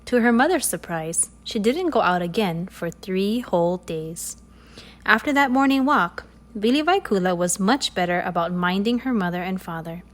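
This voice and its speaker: A woman reading a children's story aloud in an expressive, playful way. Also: medium pitch, moderate pace.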